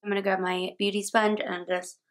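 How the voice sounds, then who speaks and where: A woman's voice: mid-range voice, little pitch movement, fairly quick. A young woman chatting casually through her makeup routine at home as a beauty vlogger, tripping over words now and then and laughing them off. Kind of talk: makeup tutorial talk-through. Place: home, indoors.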